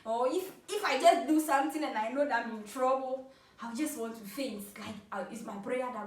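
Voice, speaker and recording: A Ghanaian woman in her twenties telling funny personal stories to camera in a playful, animated way, laughing often. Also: on the high side, moderate pace. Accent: Ghanaian English. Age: 20s. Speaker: vlogger. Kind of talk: casual storytelling to camera. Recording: roomy, from a distance.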